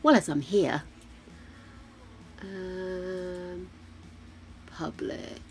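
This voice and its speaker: A woman's voice: fairly low pitch, fairly even intonation, extremely slow, faint music behind. An English woman streaming a game, chatting casually and thinking aloud as she plays, laughing often. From England. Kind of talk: casual chat while playing.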